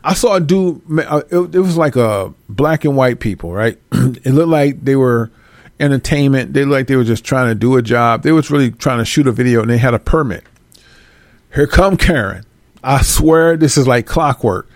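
A man giving a blunt, preachy, animated rant to his viewers, swearing freely. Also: mid-range voice, moderate pace, dry recording, clean studio sound. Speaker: vlogger. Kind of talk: ranting commentary to viewers.

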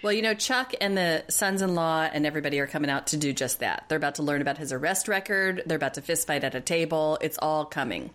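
A woman co-hosting a casual TV recap podcast, animated, gossipy and sarcastic. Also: low voice, fast talker, few pauses. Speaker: podcast co-host. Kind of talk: casual reality-TV recap chat.

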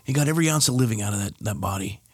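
A man's voice: lowish voice, animated, racing, husky, no echo, clean studio sound. A middle-aged pastor from California, a podcast guest, telling a personal story with emphasis and lifting his voice for the key moments. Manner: emphatic storyteller, lifts his voice for punch lines. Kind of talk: storytelling in an interview. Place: podcast studio.

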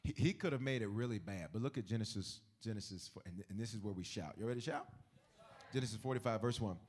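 A male preacher giving a lively, colloquial sermon, often shouting and laughing as he builds to his points. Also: fairly low pitch, fast talker.

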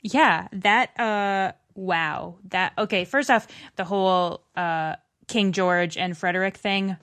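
A woman's voice: mid-range voice, takes it slowly, a bit bright. A woman co-hosting a podcast in casual chat, enthusiastic and chatty, often exclaiming in delight. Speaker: podcast co-host.

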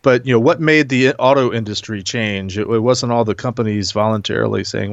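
Halting low-voiced man on a call. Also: creaky, dry recording, dull audio. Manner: earnest, halting, many restarts. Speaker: panel guest. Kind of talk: casual panel discussion.

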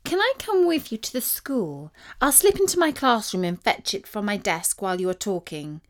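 A woman's voice: mid-range voice, very animated, normal speed, close to an everyday voice. A woman voicing a sly, scheming young schoolgirl in a storybook reading. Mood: wheedling.

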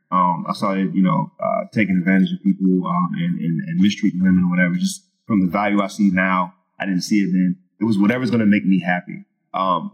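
Fast-talking low-voiced man sharing his story. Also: breathy edge, low-quality recording. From Virginia. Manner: earnest storyteller, casual with many fillers and restarts. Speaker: guest. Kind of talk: personal testimony in an interview.

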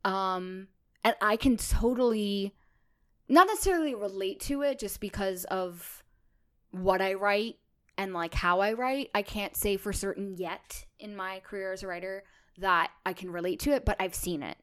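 A woman co-hosting a podcast, chatting casually and thinking out loud with enthusiasm. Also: mid-range voice, normal speed. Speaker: podcast co-host.

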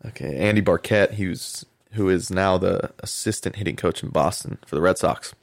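A man, a former pro baseball player, telling an animated story in a podcast interview and acting out the quotes. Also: deep voice, normal speed, creaky, dry recording, studio quality. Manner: animated anecdote, acts out quotes, laughs often.

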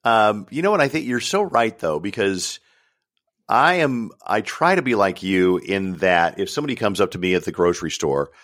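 Deep-voiced male talk radio host. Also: animated, normal speed, a bit bright, no echo, studio quality. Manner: earnest, repeats himself for emphasis. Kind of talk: casual talk-show chat.

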